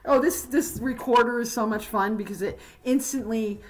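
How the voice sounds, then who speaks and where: A woman's voice: fairly high pitch, normal speed, faint music behind, poor audio. A woman hosting a livestream, ranting heatedly and confrontationally, rambling with fillers. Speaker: livestream host.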